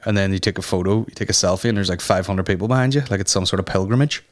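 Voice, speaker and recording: A young man, hosting a comedy podcast as a sweary, rambling storyteller who jumps into high mock voices. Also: very fast. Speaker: podcast host. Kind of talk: casual comedic monologue.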